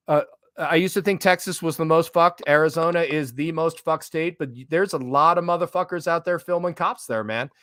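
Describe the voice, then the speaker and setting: A man's voice: on the high side, smooth, no echo. Over-caffeinated guy hosting a live stream, cussing and rambling, dry close sound. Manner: profane, rambling, jumpy. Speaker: livestream host. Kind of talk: casual live stream chat.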